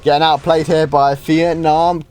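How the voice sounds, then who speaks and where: A man's voice: on the high side, level tone, measured pace, a little mellow. A man casually commenting on his own live game duels, reacting often and restarting sentences. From United Kingdom. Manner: casual, reacting to play, frequent wows and restarts. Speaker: gaming streamer. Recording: faint game music behind.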